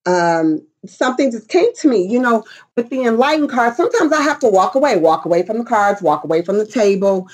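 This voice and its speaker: A woman's voice: a little high, sing-song, a little fast. A middle-aged woman giving a casual tarot reading, brash and profane, clowning around with silly voices and bits of song. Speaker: tarot reader.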